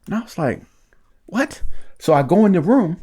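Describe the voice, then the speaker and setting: A man sharing his recovery story in casual conversation, lively and acting out the voices of the people in it. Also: high voice, fast, breathy edge.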